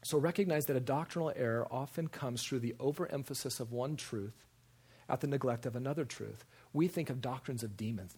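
A man preaching a sermon in an animated way, with repeated emphasis and acted-out quoted voices. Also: medium pitch, a little fast, slightly rough. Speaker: preacher or teacher.

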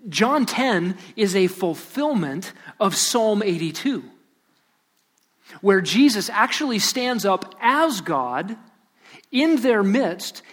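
A pastor with a high male voice preaches a sermon, reading scripture aloud and acting out sarcastic quotes with animated emphasis.

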